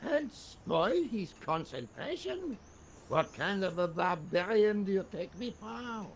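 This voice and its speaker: A man's voice: sits high, very animated, slow pace, creaky, a little hiss or hum, full character voice. An actor playing an idle, amused male police officer with a French accent, drawling and unbothered. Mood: languid.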